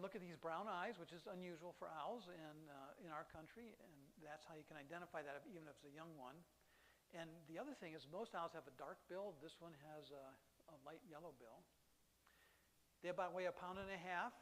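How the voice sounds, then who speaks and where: A man's voice: fairly high pitch, a bit bright, slight background noise. A man giving a chatty, enthusiastic lecture on birds to a live audience in a hall, often restarting his sentences. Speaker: birding lecturer.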